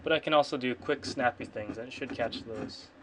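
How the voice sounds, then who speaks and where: Keyboard typing and clicks fill the heavily noisy background as a man with a medium-pitched voice streams his programming. Speaking a little fast into a computer microphone, he thinks aloud in a rambling, self-correcting way and mutters to himself in this casual screencast.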